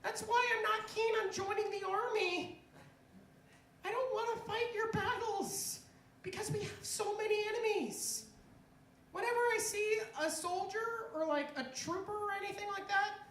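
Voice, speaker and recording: High-voiced woman doing stand-up. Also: a bit bright. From United States. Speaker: stand-up comedian. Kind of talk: stand-up comedy set. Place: small club stage. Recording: echoey club room with faint noise.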